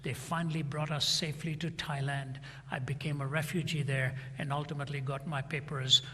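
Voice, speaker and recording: A man's voice: a little high, flat delivery, a little fast, bright, forceful tone, husky. An older male preacher telling a story in a sermon, acting out both sides of a dialogue in a dramatic retelling. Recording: long reverb of a large hall.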